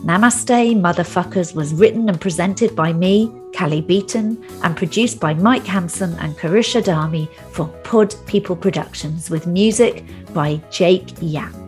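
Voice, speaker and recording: A woman's voice: lowish voice, unhurried, hardly any pauses, faint music behind. A woman hosting a podcast, making wry joking asides between questions and in her outro. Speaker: podcast host.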